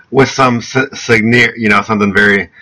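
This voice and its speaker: A man co-hosting a podcast in casual chat, joking and halting, with many restarts. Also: lowish voice, fairly even intonation, sharp tone. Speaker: podcast co-host.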